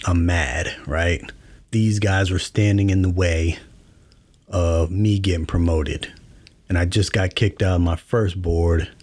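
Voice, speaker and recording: Deep-voiced middle-aged male podcast host, laid-back storyteller, dry close mic. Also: dry recording. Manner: relaxed, conversational, many fillers. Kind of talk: casual storytelling monologue.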